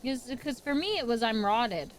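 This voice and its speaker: A woman from Newfoundland chats loosely on a live stream, restarting her sentences and swearing offhandedly. Her voice sits a little high for a woman, with a faint background hum under it. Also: expressive, moderate pace. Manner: rambling, swears casually, frequent restarts. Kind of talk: casual live-stream chat.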